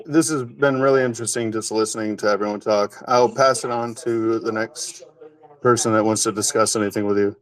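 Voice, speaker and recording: A man's voice: lowish voice, steady tone, brisk, far from the mic, rough recording. A male caller speaking briefly and easily.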